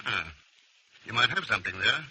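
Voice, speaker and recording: An actor with an American accent in a 1940s radio drama playing a dry, self-assured adventurer, on a very hissy old recording. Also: male voice, lowish voice, animated, normal speed, pushed and bright, breathy edge, exaggerated voice, low-quality recording. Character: cool, confident American adventurer man. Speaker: hero investigator.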